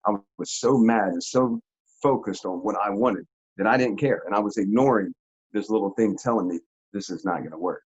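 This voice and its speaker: A man telling a story in an interview, in a casual, animated, slangy way with frequent laughs. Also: fairly low pitch, moderate pace, husky, lo-fi sound. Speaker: interview guest.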